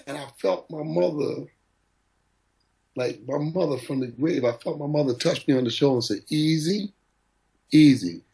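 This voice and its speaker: Animated middle-aged man storyteller. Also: fairly high pitch, moderate pace, gravelly, low-quality recording. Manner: animated anecdote-telling, acting out quotes. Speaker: boxing trainer and manager. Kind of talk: storytelling in an interview.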